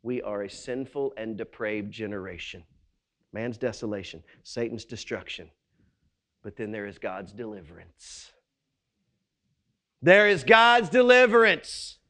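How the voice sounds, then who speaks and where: Preaching a sermon, this male pastor alternates between forceful, booming stretches and hushed, subdued moments, peppering in rapid rhetorical questions.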